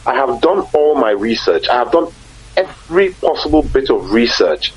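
A man's voice: mid-range voice, very animated, normal speed. A man, a broadcaster and conference moderator, talking in a casual interview, emphatic and repeating words as he searches for them. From Nigeria. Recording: husky voice on dull lo-fi audio.

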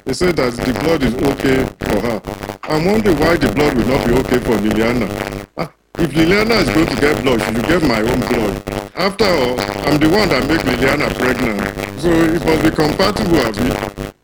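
A man playing an anxious, excitable expectant father with a Nigerian accent, pleading in broken English. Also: medium pitch, moderate pace, vocal fry, heavy background noise.

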